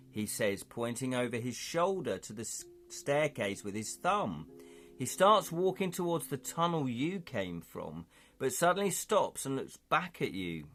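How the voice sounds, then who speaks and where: A man's voice: medium pitch, expressive, measured pace, a bit bright. Chatty man reading a gamebook live. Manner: chatty, laughs often, reacts to viewers' comments. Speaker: livestream host reading a gamebook.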